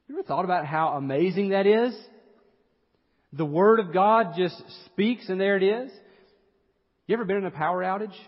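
A man's voice: sits high, breathy edge. A middle-aged man, a pastor, preaching a sermon in an earnest way, with rhetorical questions and personal asides. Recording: dull recording with long hall reverb.

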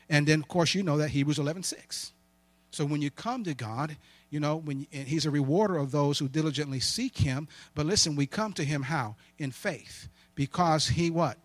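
A man with a fairly high voice preaches, drawing on personal stories, and there is no echo. Emphatic and call-and-response in style, he keeps asking questions only to answer them himself.

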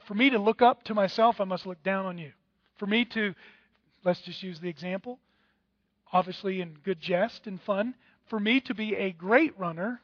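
A pastor preaches with a high, lifted voice, throwing himself into little acted-out voices of other people. The recording is dry and a bit dull, with no room sound. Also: male voice, no room sound. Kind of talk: sermon.

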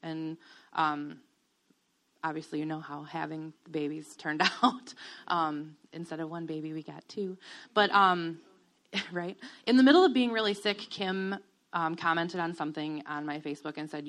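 A woman in her thirties giving a candid, reflective personal testimony, with many pauses and soft laughs. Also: low voice. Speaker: guest sharing a testimony.

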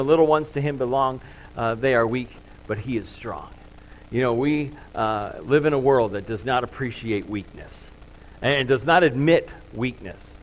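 A middle-aged male pastor delivering a sermon. He talks casually, with lots of ums and uhs, and pokes fun at himself as he goes. His voice sits at an ordinary, mid-range pitch for a man. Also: slight background noise, low-quality recording. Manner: conversational and self-deprecating, with many fillers.

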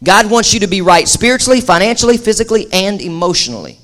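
A male pastor preaching a lively sermon, mixing jokes and acted-out asides with shifting pace. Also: high-pitched, fast.

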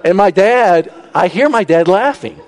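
A man telling a humorous personal story to a congregation, animated and acting out the people he quotes. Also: sits high, a little slow, background noise. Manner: animated, raises his voice when he quotes people. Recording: long reverb in a large hall.

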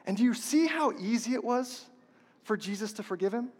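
A man's voice: extremely high pitch, animated, brisk, darkish tone, breathy edge. A man preaching a sermon as a pastor, passionate and repetitive, asking the congregation rhetorical questions. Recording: long reverb of a large hall.

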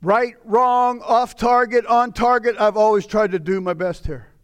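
A middle-aged man preaching a sermon as pastor, with impassioned delivery that swings from raised cries to low, weary murmurs. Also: steady tone, a little slow, clean tone, faint music behind.

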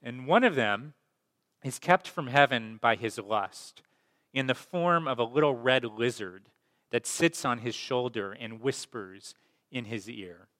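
A male pastor giving a sermon in an easy, conversational way, pausing on fillers and repeating words. His voice sits at a middle pitch. A long reverb trails each phrase, as in a large church. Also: animated, a bit bright.

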